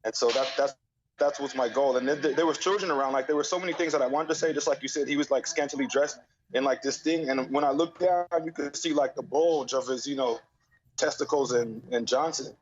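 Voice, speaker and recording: Fast-talking male preacher, muffled line. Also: medium pitch. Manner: rapid, informal, many fillers. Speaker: street preacher guest. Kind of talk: casual interview chat.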